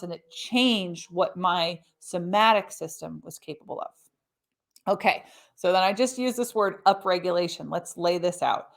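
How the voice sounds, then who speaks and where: A middle-aged woman hosting a podcast, explaining ideas in a conversational teaching manner and often checking in with "right?". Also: mid-range voice. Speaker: podcast host.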